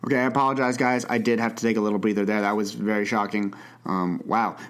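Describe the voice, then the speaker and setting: A man's voice: lowish voice, fairly even intonation, quick pace, music in the background. A young man hosting an advice podcast, talking casually and stammering through frequent restarts. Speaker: podcast host.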